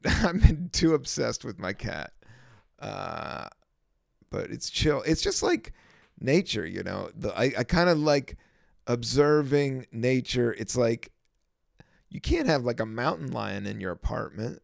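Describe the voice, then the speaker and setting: A man hosting his own podcast, a stand-up comedian talking in a relaxed, meandering way with lots of fillers and a gravelly voice. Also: mid-range voice, no echo, studio quality. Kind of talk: casual rambling monologue.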